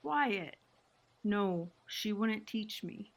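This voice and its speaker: A woman's voice: medium pitch, a little slow, bright, forceful tone. A woman from Six Nations, Canada, a podcast guest telling her family story in an emotional, reflective way. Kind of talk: podcast conversation.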